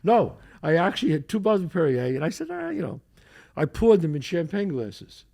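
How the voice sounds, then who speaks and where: Speaking fairly quickly in a fairly high-pitched voice, an older man on his podcast recounts a story casually. He laughs often and acts out the quotes of everyone involved with lots of animation.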